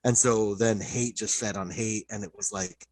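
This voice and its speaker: A man on a casual podcast talks excitedly through old cartoon plots, peppering his speech with fillers and curses. His voice is slightly husky. The recording is dry and close. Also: fairly low pitch, normal speed, no echo, poor audio. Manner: excited, profane storytelling, many "like" fillers. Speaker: podcast co-host. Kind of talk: casual chat.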